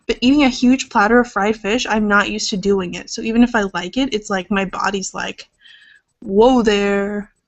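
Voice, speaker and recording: Over dull, lo-fi webcam sound, a young podcast co-host from Iowa talks fairly quickly, with a steady, medium-pitched voice and few pauses. The conversation is casual and rambling, sprinkled with offhand swearing.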